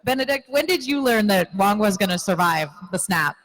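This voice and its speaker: A woman's voice: medium pitch, lively intonation, normal speed, a bit bright, rough recording. A woman moderating a convention panel, upbeat and laughing along as she asks questions on stage in a large arena.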